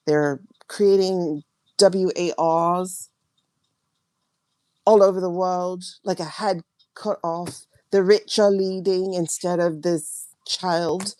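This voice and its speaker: A woman hosting a tarot livestream, ranting emphatically and repeating herself, her voice swinging between loud and hushed. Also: lowish voice, dry recording. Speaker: tarot reader and livestream host.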